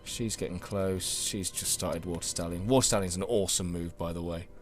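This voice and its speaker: A man's voice: deep voice, steady tone, brisk, soft background music. Man streaming late-night gameplay. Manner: chatty, wry, talks to viewers. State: tired, yawning late at night. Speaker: game streamer. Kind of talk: live gameplay commentary.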